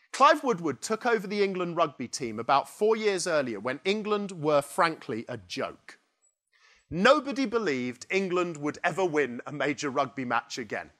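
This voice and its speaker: Lively high-voiced man telling a story. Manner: animated, acts out quoted characters. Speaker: conference keynote speaker. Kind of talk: storytelling presentation. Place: conference hall.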